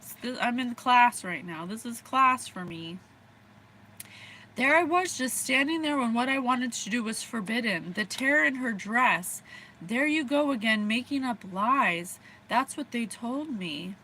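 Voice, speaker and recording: A woman's voice: a little high, animated, measured pace, pushed and bright, slight background noise. An American woman giving a casual livestream psychic reading, bubbly and rambling, often giggling. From USA. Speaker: psychic reader.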